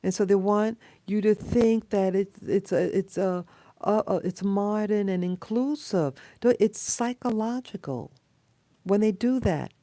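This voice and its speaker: A woman talking casually in a rambling monologue, pausing often with fillers and restarts. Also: medium pitch, mellow, no room sound. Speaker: video blogger.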